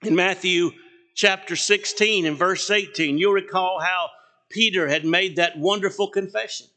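A man's voice: high voice, normal speed, bright, forceful tone. A middle-aged male pastor delivering an emphatic sermon with rhetorical questions and phrase endings that trail off.

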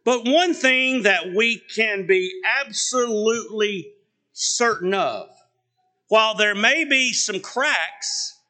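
A man's voice: sits high, bright, forceful tone. A middle-aged male pastor delivering an emphatic sermon with rhetorical questions and phrase endings that trail off.

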